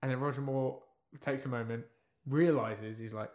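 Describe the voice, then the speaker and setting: A man telling a long anecdote in casual chat, acting out the people in it and dropping to a hush for the quiet parts. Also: medium pitch, normal speed. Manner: animated storyteller, drops to hushed tones for quotes. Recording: roomy echo.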